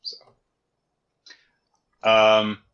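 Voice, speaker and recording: A man's voice: lowish voice, completely flat delivery, drawn-out words. A man co-hosting a casual chat, giving laid-back commentary on a story. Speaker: podcast co-host. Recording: slightly dull, lo-fi sound.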